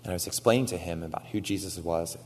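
A man preaching in a low-pitched voice, recorded in a big hall with a long, ringing reverb. He tells a story through quoted back-and-forth dialogue, and he grows loud and emphatic when he presses his points. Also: fast, husky. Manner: storytelling, quoting dialogue, rising to emphatic exhortation. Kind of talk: sermon.

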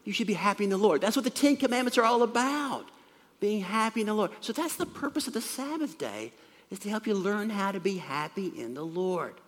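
Guy preaching a sermon, kinda high voice, big long echo like a church hall, gets loud then drops quiet. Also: brisk. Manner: animated, swings from loud emphasis to hushed asides. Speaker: pastor.

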